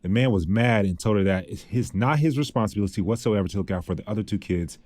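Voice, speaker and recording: A man's voice: on the low side, fast talker, a little mellow, dry recording, studio quality. A man co-hosting a podcast, an easygoing storyteller in casual chat who laughs often. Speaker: podcast co-host.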